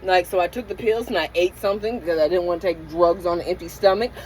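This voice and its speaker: A woman's voice: on the low side, quick pace, a little mellow, a little hiss or hum, rough recording. A middle-aged woman in a candid late-night vlog rant from inside her van, venting emotionally and profanely with many restarts. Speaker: van-life vlogger.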